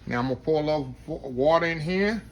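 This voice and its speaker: Southern country man, homey cooking-video host, chatty y'all delivery, slightly high voice. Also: fast talker, a little hiss or hum. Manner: folksy, chatty, keeps addressing viewers as y'all. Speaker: home cooking vlogger. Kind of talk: casual cooking demonstration. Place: home kitchen.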